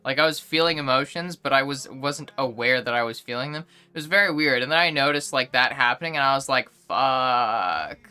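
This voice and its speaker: Bright-voiced young woman streamer rambling. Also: extremely low pitch, fast talker, few pauses, clear, resonant tone. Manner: rambling, heavy on fillers. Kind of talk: casual live-stream chat.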